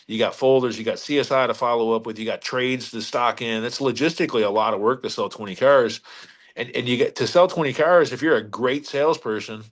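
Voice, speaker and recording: A man's voice: medium pitch, fairly quick. A middle-aged man, a car dealership leader, talking casually as a podcast guest in a blunt, emphatic way, repeating words and restarting sentences as he goes. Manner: salty, blunt sales talk. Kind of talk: casual interview talk.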